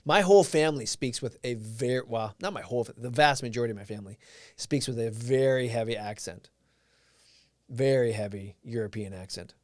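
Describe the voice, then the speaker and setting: A man's voice: medium pitch, fairly quick, darkish tone, no room sound, studio quality. Earnest man giving a motivational talk. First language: Portuguese. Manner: earnest, reflective, answering viewers' comments. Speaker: live-stream host.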